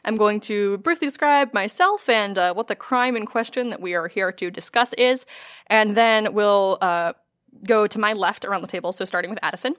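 A woman's voice: mid-range voice, normal speed, fairly bright tone. Chatty woman game master explaining rules. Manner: casual, chatty, lots of "like".

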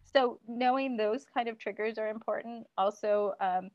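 A woman's voice: on the high side, moderate pace. Practical woman giving advice, lo-fi sound. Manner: practical, advice-giving, with many "um"s and "you know"s. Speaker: parenting guest. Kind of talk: casual conversational interview. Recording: dull lo-fi recording.

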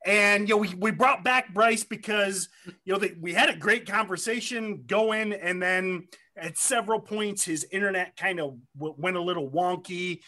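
Bright high-voiced male podcast host. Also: moderate pace. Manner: rambling, self-interrupting, joking. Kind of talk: casual chat.

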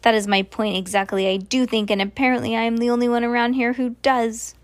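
A woman's voice: on the high side, level tone, a little fast, natural voice. A stern, bossy older woman who disapproves of everything and snaps out short, clipped exclamations, as a woman reading a storybook aloud puts her on. The sound is dry and close, with no room echo. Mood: indignant.

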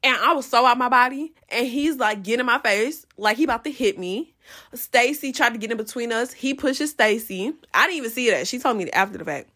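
A young woman tells a personal story on her podcast in a loose, casual flow. Her voice sits a little high, and her delivery is animated and profane. Now and then she jumps into loud re-enacted quotes. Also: fairly quick. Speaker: podcast host.

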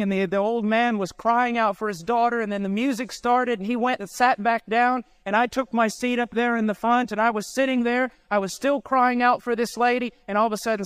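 Urgent, clear-voiced male preacher. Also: high voice, no echo. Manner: urgent, direct, pleading with listeners. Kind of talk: sermon.

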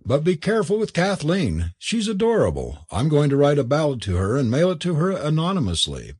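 A man's voice: on the high side, fairly quick, slightly rough, dry recording, studio quality, pitched above the performer's own voice, heavily acted. A man reading an audiobook, voicing an impulsive young male college student smitten with a girl he has never met. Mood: eager. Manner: impulsive and excitable.

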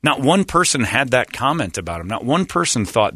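A man's voice: medium pitch, sing-song, brisk, pushed and bright, slightly rough, no echo, studio quality. A middle-aged man hosting a radio show, talking in a blunt, sarcastic, rambling way. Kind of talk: casual talk radio banter.

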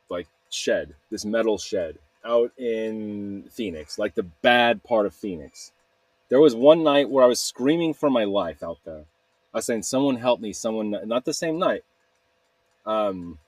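A man's voice: on the low side, dry recording. Rambling man in a dry room. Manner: rambling, candid, laughs at himself. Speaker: video blogger. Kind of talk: casual confessional monologue.

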